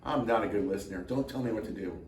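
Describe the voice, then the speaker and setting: A man's voice: lowish voice, quick pace, darkish tone, recorded from a distance. Tired, rambling man in an echoey room. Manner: rambling, self-mocking, dry jokes. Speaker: drummer and channel host. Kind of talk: casual chat to camera.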